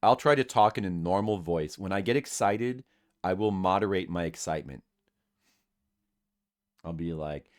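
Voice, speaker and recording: A man's voice: low voice, moderate pace, long pauses. A man streaming a game, rambling and self-deprecating as he chats with his viewers. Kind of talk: casual live-stream chat.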